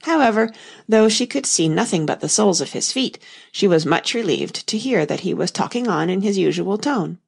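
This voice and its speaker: A woman narrating a storybook as an audiobook reader, steady and unhurried. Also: mid-range voice, gravelly, breathy edge. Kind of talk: scripted narration.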